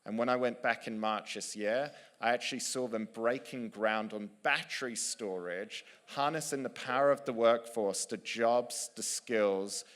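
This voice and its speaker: A man, an author and speaker, telling a story to a live audience, lively and with frequent restarts. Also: medium pitch, unhurried, hardly any pauses, in a large hall. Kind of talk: storytelling talk on stage.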